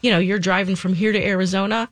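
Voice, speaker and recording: A woman co-hosting a pet advice show, giving measured, practical tips in casual talk. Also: mid-range voice, fairly even intonation, no room sound. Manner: measured, practical, backchannels often.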